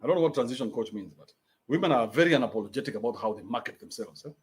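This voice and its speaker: A man's voice: mid-range voice, animated, rapid-fire. A man with a Kenyan accent hosting a livestream, reading out donations and ranting bluntly with plenty of profanity.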